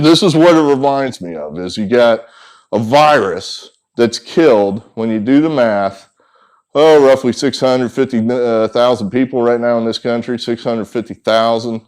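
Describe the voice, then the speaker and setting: A man's voice: medium pitch, darkish tone. A man, a sports handicapper, giving an indignant, sarcastic opinion monologue and acting out the people he quotes. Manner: indignant, acts out quoted voices.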